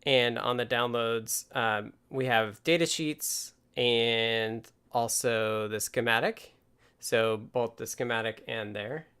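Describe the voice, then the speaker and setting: A man's voice: medium pitch, fairly even intonation, slow, pushed and bright, clear, resonant tone. A man hosting a casual live stream from his home workspace, thinking aloud and explaining things step by step. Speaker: livestream host.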